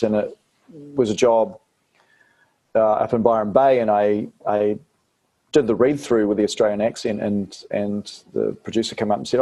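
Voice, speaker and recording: A man's voice: medium pitch, warm tone. A man from New Zealand with a New Zealand accent, an actor chatting casually as an interview guest, rambling with fillers and restarts.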